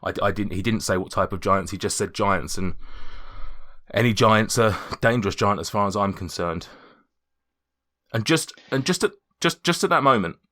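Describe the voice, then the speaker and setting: A low, bright-voiced man runs a tabletop game, narrating the scene. He stumbles and restarts his phrases often as he describes the action. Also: animated. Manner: halting, many restarts. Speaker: game master.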